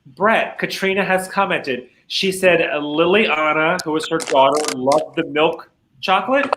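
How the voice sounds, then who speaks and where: An excitable man with a fairly high, bright voice who reads viewer comments aloud and teases his co-hosts. A faint hiss and occasional clicks sit under his voice. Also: a little slow, reverberant, rough recording. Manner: excitable, exclaiming, teasing. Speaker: podcast co-host reading viewer comments. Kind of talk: casual live-stream chat.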